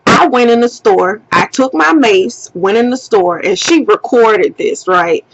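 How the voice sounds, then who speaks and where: Woman doing a storytime vlog, slow drawn-out talk, swears a lot, dull lo-fi audio. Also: a little high, dry recording. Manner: animated, profane, acts out her own angry shouts. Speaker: vlogger. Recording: dull lo-fi sound.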